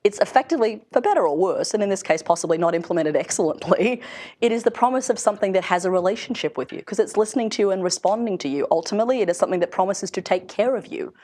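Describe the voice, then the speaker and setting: A woman's voice: mid-range voice, lively intonation, rapid-fire, dark tone. A middle-aged woman giving a conversational seminar lecture to a room of listeners, laughing lightly between points. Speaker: seminar speaker, researcher in industry. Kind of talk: lecture to an audience.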